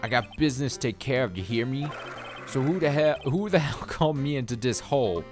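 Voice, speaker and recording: A man voicing a hot-tempered male loan shark with a put-on Brooklyn accent, loud and bullying, over game music. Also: medium pitch, expressive, brisk, pitched above the performer's own voice, lightly acted. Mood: angry.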